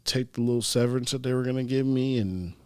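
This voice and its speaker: A man's voice: mid-range voice, quick pace, mellow, clean tone, no echo. A young man, hosting his own podcast and rambling through stories in a loose, profane, offhand way. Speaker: podcast host. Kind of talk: casual solo podcast chat.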